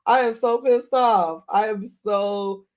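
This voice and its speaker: A man's voice: high-pitched, fairly even intonation, takes it slowly. A man giving heated reaction commentary, repeating himself in outraged, rambling asides. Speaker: online commentator.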